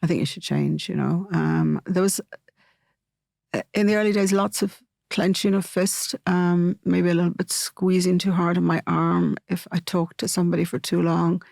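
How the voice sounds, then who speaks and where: A middle-aged woman, an interview guest telling a personal story in a halting way, with many fillers and restarts. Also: on the low side, little pitch movement, vocal fry, darkish tone, no room sound, studio quality.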